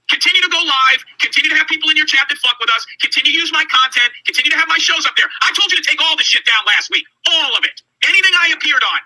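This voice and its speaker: A man in an angry livestream argument, cursing, shouting insults and issuing threats. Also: very high-pitched, rough recording. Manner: furious, profane, shouting insults.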